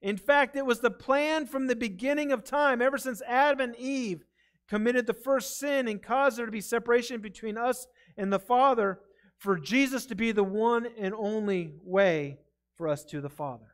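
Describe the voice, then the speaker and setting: A man's voice: extremely high pitch, normal speed, a bit bright. A man preaching a sermon in a church, earnest and conversational, stumbling over his words now and then. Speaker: pastor. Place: church sanctuary.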